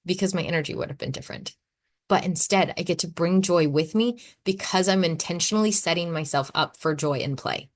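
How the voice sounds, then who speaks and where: A woman in her thirties hosting a casual solo podcast, talking in a chatty, animated way and laughing often. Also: fairly low pitch, fairly quick. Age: 30s. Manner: chatty, animated, acts out her own quotes. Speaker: podcast host.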